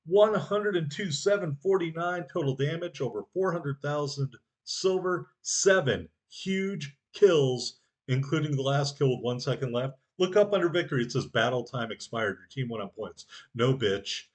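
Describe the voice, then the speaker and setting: A man commentating over his own naval video game footage from home, excitable, joking and playing up mock anger at his teammates. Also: fairly high pitch, normal speed. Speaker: gameplay commentator.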